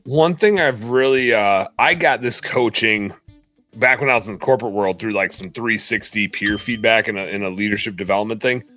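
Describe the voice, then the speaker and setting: A man co-hosting a podcast, talking candidly and at length, often quoting people in lively voices. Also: on the low side, a little fast, faint music behind. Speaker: podcast co-host. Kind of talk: casual podcast chat.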